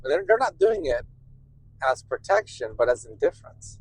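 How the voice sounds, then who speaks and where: Animated man therapist, dry close sound. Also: a little high, moderate pace, slightly rough, dry recording, low-quality recording. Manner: animated, repeats "right?" often, acts out quoted voices. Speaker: therapist and podcast host. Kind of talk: conversational explanation to listeners.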